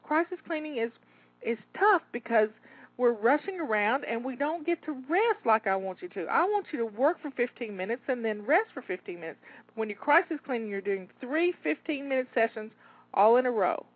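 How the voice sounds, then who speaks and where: Lady cheering you through cleaning, kinda high voice, tinny phone sound, bit out of breath. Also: animated, normal speed. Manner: encouraging, coaching step by step. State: slightly out of breath. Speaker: home organizing coach. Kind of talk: live cleaning pep talk.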